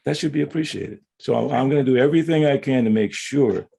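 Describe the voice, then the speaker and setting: A man's voice: mid-range voice, quick pace, vocal fry, mellow, slightly rough. An older man speaking earnestly and affectionately about a fellow devotee.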